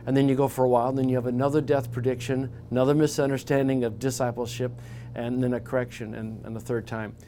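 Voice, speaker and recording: A man giving an informal Bible teaching talk, conversational, getting animated when he acts out the disciples. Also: medium pitch, fast, slight background noise.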